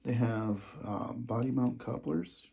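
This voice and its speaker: A man showing off his model trains in a casual vlog, gushing with excitement and dropping into hushed asides. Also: medium pitch, slow, gravelly.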